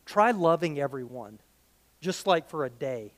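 A middle-aged man preaching a sermon as pastor, conversational and animated, full of rhetorical questions. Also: on the high side, a little slow.

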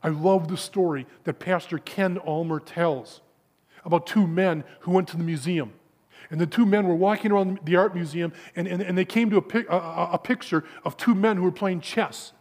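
A man with a notably high voice preaches to a room of men. He tells his stories in a rush of stammered repeats, then sinks to a hushed, low delivery on the key words. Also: normal speed. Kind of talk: sermon to a men's gathering.

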